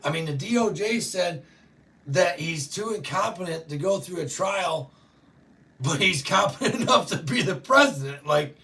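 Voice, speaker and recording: A man hosting a show, ranting profanely and yelling often, reacting to live chat. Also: high-pitched, animated, moderate pace, creaky, distant mic. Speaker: show host. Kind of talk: political rant to live chat.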